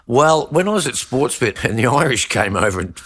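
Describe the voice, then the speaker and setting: A man's voice: mid-range voice, very animated, a little fast, fairly bright tone, husky. A man, an actor, chatting casually and joking at his own expense. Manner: self-deprecating, jokey. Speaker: actor and co-host. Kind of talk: casual chat.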